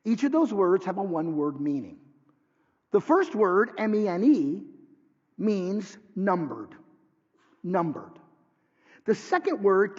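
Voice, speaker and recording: High-pitched pastor preaching, goes soft then loud, husky edge, big hall echo. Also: male voice. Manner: dramatic, swings from soft to shouting. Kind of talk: sermon. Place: church sanctuary. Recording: dull sound with long hall reverb.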